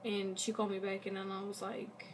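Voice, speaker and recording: A young woman vlogger telling a casual storytime, animated and acting out the quotes of the people in it. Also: medium pitch, brisk, a little hiss or hum.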